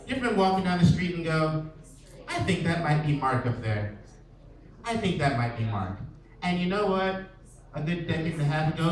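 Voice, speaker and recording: A man's voice: high voice, fairly bright tone. A man doing stand-up at an open mic, talking casually and acting out little scenes with changing voices. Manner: conversational, acts out little scenes with shifting voices. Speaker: stand-up comedian. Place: small bar at an open mic night. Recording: echoey room, mic heard from a distance, crowd laughter.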